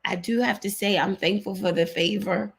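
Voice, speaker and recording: Woman co-host, gravelly, emotional and sincere, casual chat over a video call. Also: medium pitch, normal speed. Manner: emotional, sincere, repeats herself. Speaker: co-host of a women's online talk show.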